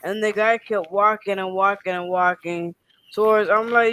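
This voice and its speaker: A man co-hosting a casual chat, telling stories loudly and emphatically. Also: sits high, fairly even intonation, normal speed, slight background noise.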